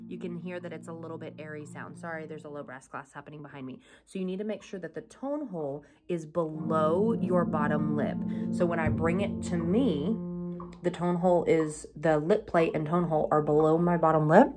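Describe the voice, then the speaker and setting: A woman band teacher giving a patient, step-by-step lesson, often checking in with "okay?", recorded on a camera mic in a school room while another class plays nearby. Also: deep voice. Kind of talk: instructional video lesson. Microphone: camera mic, leans closer at times.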